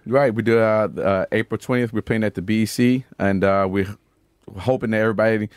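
A man's voice: fairly low pitch, steady tone, a little fast, smooth, no echo. A man, a basketball player guest telling stories in an easygoing way. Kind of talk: casual interview.

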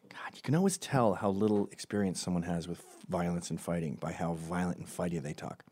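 A man's voice: low voice, fairly quick, hardly any pauses, mellow, dry recording. A middle-aged man hosting a comedic opinion monologue, sardonic and profane, often mocking people in put-on voices. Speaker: commentary show host.

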